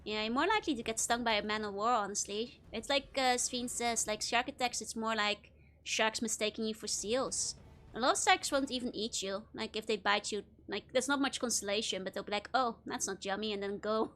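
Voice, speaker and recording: A woman streamer talks casually over her game. Her voice sits a little high. She rambles chattily from one bit of trivia to the next and giggles often. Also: brisk, a bit bright. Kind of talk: casual live-stream commentary.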